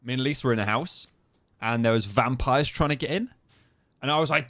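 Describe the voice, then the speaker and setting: A man's voice: on the high side, moderate pace, fairly bright tone. A young man streaming a game, chatting casually, swearing freely and laughing often. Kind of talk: casual gaming stream chat.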